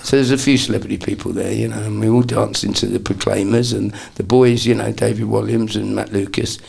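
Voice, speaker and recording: Gravelly older male comedian. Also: lowish voice, fairly even intonation, a little fast, a little mellow. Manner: rambling anecdotal storyteller, slips into impressions. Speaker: comedian guest. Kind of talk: casual interview chat.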